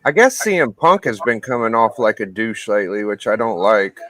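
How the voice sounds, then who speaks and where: A man's voice: lowish voice, a little fast, a bit bright, no room sound. A man hosting a live stream, chatting casually and swearing a bit. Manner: laid-back, swears casually. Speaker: streamer host.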